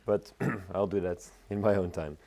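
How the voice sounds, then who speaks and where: Dutch guy with a rough hoarse voice, kinda low, relaxed chatty flower demo with lots of ums. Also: normal speed, a little hiss or hum. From Netherlands. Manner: relaxed, chatty, many fillers. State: hoarse, unwell voice. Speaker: florist and floristry teacher. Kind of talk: casual live demonstration.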